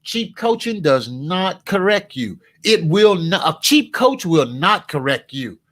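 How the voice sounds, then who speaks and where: A man coaching an audience with a high, bright-toned voice. He speaks in an emphatic, preacher-like rhythm, hammering phrases again and again. He turns aside now and then to ask a helper to note his points. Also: sing-song, measured pace. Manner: emphatic, repetitive, preacher-like cadence; talks to a live helper during the talk. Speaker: business coach. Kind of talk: motivational coaching talk.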